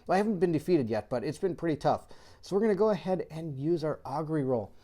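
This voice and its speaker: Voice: medium pitch, fast. A host casually talking through a solo board game session, thinking aloud, reading rule cards out and laughing often. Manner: laughs often and gets excitable.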